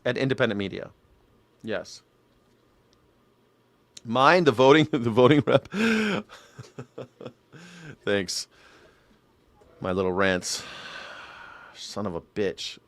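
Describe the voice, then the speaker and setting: A young adult man hosting a live news and culture commentary stream, loud and mocking, swearing freely and mimicking the clips he plays. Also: medium pitch, sing-song, slow pace, long pauses, no room sound.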